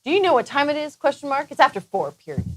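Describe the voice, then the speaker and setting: A woman's voice: sits high, big pitch swings, fast talker. A woman reading the part of a proper, disapproving male fiancé at a table read, saying the punctuation marks aloud. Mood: prim. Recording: loud background noise.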